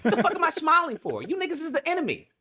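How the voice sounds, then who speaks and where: Bright, defiant, profane man. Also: very high-pitched, wildly swooping pitch, rapid-fire. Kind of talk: casual rant.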